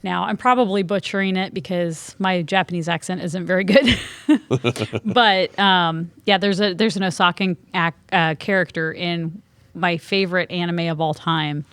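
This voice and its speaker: Female co-host from Kansas City, lowish voice, dry close sound, eager explainer. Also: fairly even intonation, normal speed, fairly bright tone, clear, resonant tone, no echo. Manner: explanatory, enthusiastic about anime, laughs easily. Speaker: podcast co-host. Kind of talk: casual chat.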